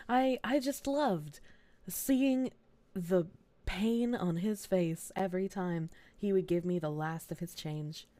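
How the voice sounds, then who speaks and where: A woman streaming live, thanking viewers in casual, sleepy, low-key chat and swearing freely. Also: takes it slowly, long pauses, warm tone, dry recording. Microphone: desk mic with gain turned up.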